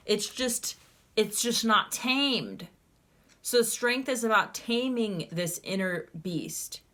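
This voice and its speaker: A woman's voice: mid-range voice, sharp tone. A young woman doing a casual tarot reading, ranting and swearing heavily with lots of energy. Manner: ranting, heavy swearing, fired up. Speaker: tarot reader.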